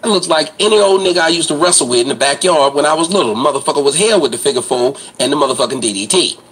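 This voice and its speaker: A man's voice: fairly high pitch, lively intonation, very fast, fairly bright tone, slightly rough, rough recording. A man hosting an online commentary show, ranting in a blunt, crude, mocking way.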